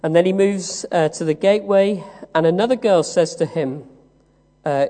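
High-voiced preacher in an echoing hall. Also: male voice, mellow. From West Country of England. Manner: measured storytelling with frequent "uh" pauses. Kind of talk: sermon. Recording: long reverb of a large hall.

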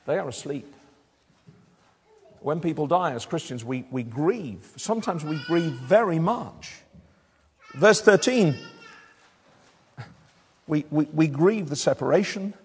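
A man's voice: fairly high pitch, slightly rough. A man preaching a sermon in a conversational way, asking his listeners tag questions and often restarting his words. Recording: long hall reverb.

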